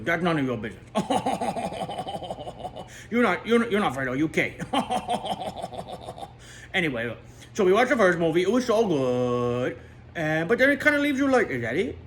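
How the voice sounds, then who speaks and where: A storyteller host puts on the voice of a chatty male toy dog who tells a comic story, jokey and rambling. The fairly high, slightly bright voice swoops up and down, repeating words and laughing at its own jokes, with a faint hum of room ambience behind.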